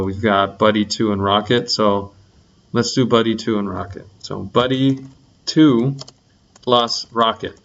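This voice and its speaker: A young man teaching a programming lesson in a relaxed, rambling way, full of ums and likes. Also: on the low side, lo-fi sound. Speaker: coding instructor.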